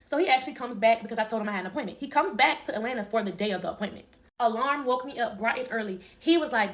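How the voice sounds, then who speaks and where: Fast-talking animated woman. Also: a little high. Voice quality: animated, emphatic, quick to laugh. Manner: slangy and expressive, acting out quoted lines. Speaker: storyteller. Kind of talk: casual storytime.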